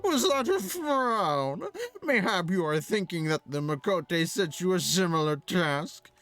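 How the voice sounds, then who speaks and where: A streamer voicing a pompous, condescending male archery guildmaster from a video game, reading his lines in a haughty, drawn-out way. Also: medium pitch, expressive, fairly bright tone, faint music behind. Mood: scornful. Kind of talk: reading game dialogue aloud.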